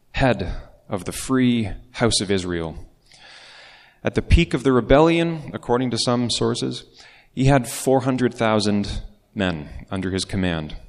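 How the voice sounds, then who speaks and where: Slow-paced male preacher in a reverberant hall. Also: fairly low pitch. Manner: conversational preaching with pop-culture asides. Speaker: pastor. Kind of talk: sermon. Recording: long reverb of a large hall.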